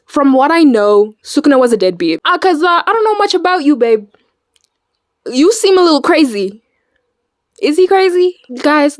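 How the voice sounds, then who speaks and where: A woman chatting casually in a reaction video, animated and slangy, swearing freely. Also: high voice, dry recording, clean studio sound. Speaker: video creator.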